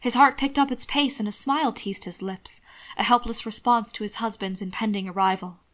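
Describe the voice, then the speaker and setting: A woman reading a fan fiction story aloud as narrator, in a calm, measured way. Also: a little high. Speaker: audiobook reader.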